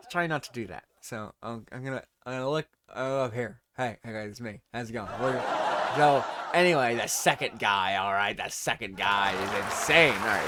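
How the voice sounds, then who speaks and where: A man's voice: medium pitch, background noise. A tired man hosting his own show, telling a rambling comic story and cutting himself off as he laughs along. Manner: rambling, self-interrupting, laughing through his stories. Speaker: host. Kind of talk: casual comedic storytelling monologue.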